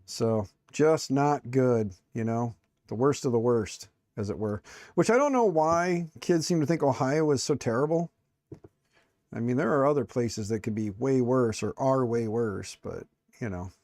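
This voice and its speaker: A man's voice: mid-range voice, a little slow, a little mellow, no echo, studio quality. A middle-aged man chatting casually on a live stream while tinkering, joking and muttering to himself as he works. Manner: joking, self-mocking, rambling. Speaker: streamer building a 3D printer.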